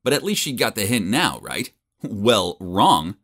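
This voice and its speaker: A man's voice: fairly low pitch, very animated, measured pace, a bit bright. A young man narrating a story in the first person, wry and self-mocking.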